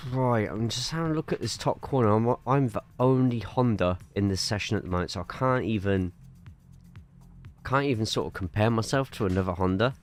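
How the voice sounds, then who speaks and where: Low-voiced English man streaming sim racing. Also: fairly quick, soft background music. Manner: chatty, rambling, reads viewer chat aloud between driving tips. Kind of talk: casual live-stream chat while driving.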